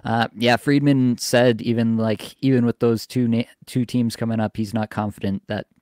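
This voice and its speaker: A man hosting a casual podcast, talking in a relaxed, chatty way with lots of fillers. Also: mid-range voice, moderate pace, no room sound, clean studio sound. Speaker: podcast host. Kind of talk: casual fantasy hockey podcast chat.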